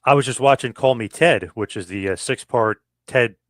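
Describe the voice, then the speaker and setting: A man hosting a casual podcast interview, asking questions in a relaxed conversational way. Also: medium pitch, normal speed, no echo. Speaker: podcast host.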